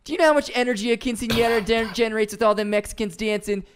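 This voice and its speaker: A man's voice: sits high, rapid-fire, loud music behind the voice, natural voice. A man putting on an exaggerated Wisconsin accent in a mocking, sing-song drawl during a comedic bit. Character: exaggerated Upper Midwest guy, loud joking rant. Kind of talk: comedic bit in casual chat.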